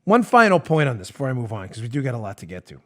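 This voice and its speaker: A man's voice: medium pitch, racing. A male podcast host delivering an emphatic, sarcastic opinion monologue. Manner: emphatic, sarcastic, animated ranting. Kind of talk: opinionated talk show monologue.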